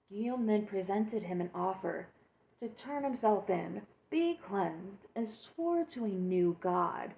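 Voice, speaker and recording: Woman telling the story so far, real slow, mellow warm voice. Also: medium pitch. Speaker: player giving the recap. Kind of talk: story recap narration.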